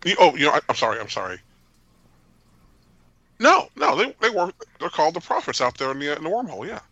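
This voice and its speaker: A man co-hosting a podcast, talking in animated, opinionated casual chat. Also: fairly high pitch, fast talker, no echo, highs cut off. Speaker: podcast co-host.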